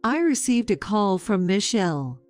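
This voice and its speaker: A woman in her fifties narrating a story in a calm, measured, sarcastic way. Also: medium pitch, soft background music.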